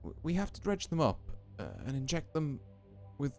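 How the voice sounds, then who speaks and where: A solemn, otherworldly female keeper of a graveyard, as a man voices her in a game stream. She speaks in a slow, ominous hush with a faint Scottish lilt, her pitch climbing and swooping. Quiet game music plays behind her. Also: lively intonation, close to an everyday voice. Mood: eerie. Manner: slow, deliberate, ominous storytelling.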